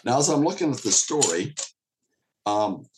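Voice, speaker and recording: A pastor teaching a Bible passage to an online group in a casual, conversational way, often repeating words and restarting phrases. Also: male voice, medium pitch, very animated, normal speed, background noise. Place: streamed church teaching session.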